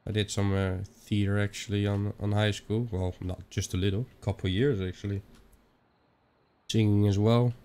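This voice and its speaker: A man's voice: on the low side, flat delivery, normal speed, mellow. A young man with a Dutch accent giving rambling, chatty let's-play commentary, swearing now and then. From Netherlands. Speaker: gaming channel host.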